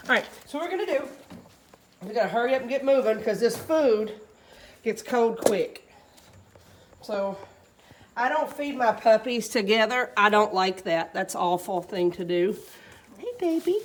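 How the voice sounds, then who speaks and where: A dog breeder from the US Gulf Coast chats casually in a home vlog while feeding and training her puppies, switching to high baby talk for them. The sound is roomy with slight background noise.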